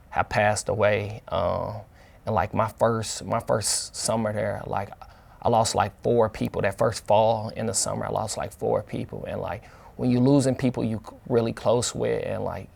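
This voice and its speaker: A young man from the St. Louis area, talking casually as an interview guest in a relaxed, colloquial way with many fillers and restarts. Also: fairly low pitch, vocal fry. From St. Louis area, USA. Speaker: interview guest, football player.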